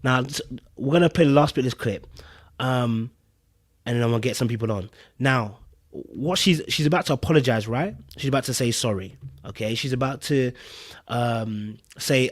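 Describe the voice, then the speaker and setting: A man's voice: mid-range voice, moderate pace. A man hosting a live podcast stream, reacting to a reality show clip in casual, emphatic commentary, repeating himself and talking straight to viewers. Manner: emphatic, repetitive, addresses viewers and chat directly.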